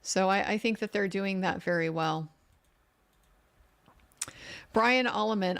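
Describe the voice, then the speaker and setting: A woman's voice: medium pitch, slow, creaky, long pauses, a bit bright, clean tone. A middle-aged woman hosting a live legal commentary stream, giving frank opinions with frequent restarts. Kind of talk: casual live commentary reading viewer comments.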